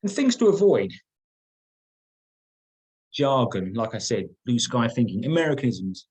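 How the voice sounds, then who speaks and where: A man's voice: mid-range voice, expressive, a little fast, darkish tone, breathy edge, low-quality recording. A middle-aged man leading an online training workshop, talking conversationally, repeating words and stressing key points. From England.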